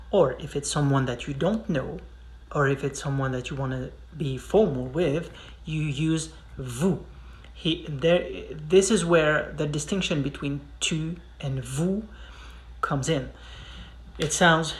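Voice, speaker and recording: Slow-talking French-accented teacher. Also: male voice, a little high. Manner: repeats words slowly for learners. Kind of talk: casual pronunciation lesson.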